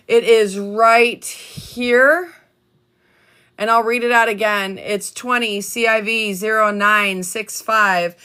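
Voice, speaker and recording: Bright-voiced woman livestreamer reading aloud. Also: mid-range voice. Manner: chatty, halting, many ums and restarts. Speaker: livestream host reading documents.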